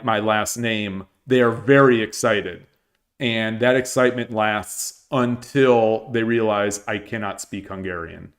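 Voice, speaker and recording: A middle-aged man chatting casually on his livestream, rambling with many restarts and fillers. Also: medium pitch. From United States. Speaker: streamer.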